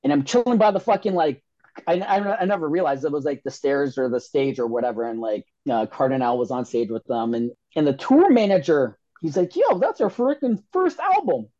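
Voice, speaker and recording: A man, telling a story on a podcast in an excitable, profane way and acting out the voices of the people in it. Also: mid-range voice, fairly quick, dry recording. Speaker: podcast guest. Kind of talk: casual storytelling chat. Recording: dull, dry podcast audio.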